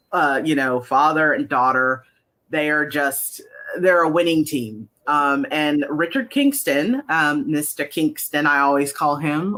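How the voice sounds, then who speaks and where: Bright-voiced chatty man. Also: on the high side, rough recording. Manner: chatty, lots of ums, acts out quotes. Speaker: indie animation creator. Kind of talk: casual interview chat.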